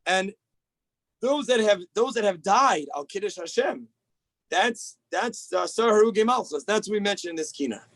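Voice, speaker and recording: High-voiced rabbi giving a sermon. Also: male voice, normal speed, dry recording, low-quality recording. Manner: animated storytelling, acts out quoted rabbis with big pitch jumps. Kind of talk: Tisha B'Av sermon. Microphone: video call.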